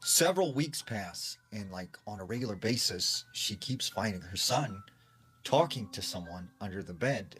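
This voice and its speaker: A man's voice: on the low side, fairly bright tone. A man casually retelling a scary story secondhand, with lots of fillers.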